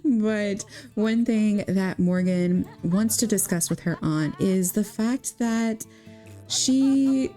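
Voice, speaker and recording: A young woman narrates a game story in a casual, chatty, giggly way. Her voice is mellow and relaxed rather than bright. Soft plucked guitar plays faintly behind her. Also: mid-range voice, slow pace. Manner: chatty, giggly, with many "she's like" quotes. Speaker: gaming vlogger. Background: soft guitar music.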